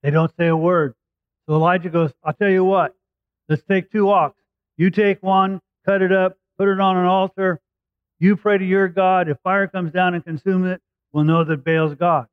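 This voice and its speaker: A man preaching a sermon, retelling a scripture story in a lively, conversational way and voicing the characters' lines. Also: high voice, normal speed, clear, resonant tone, no echo. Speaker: pastor. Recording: tinny phone-like dry sound.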